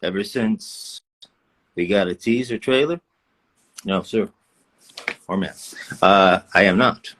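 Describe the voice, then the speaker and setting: A man at a live fan autograph session, reading questions aloud in a playful, animated way. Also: deep voice, slow pace, pauses often.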